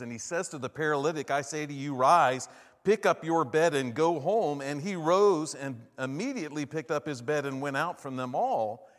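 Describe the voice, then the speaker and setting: A man preaching a conversational sermon, often checking in with "right?" and acting out the voices of people he quotes. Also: mid-range voice. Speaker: pastor. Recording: long hall reverb.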